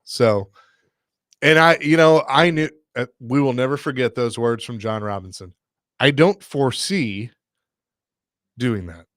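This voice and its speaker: A man hosting a sports radio show, telling stories in a casual, animated way. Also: medium pitch, measured pace, pauses often, no room sound, studio quality. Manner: storytelling, animated retelling with laughs.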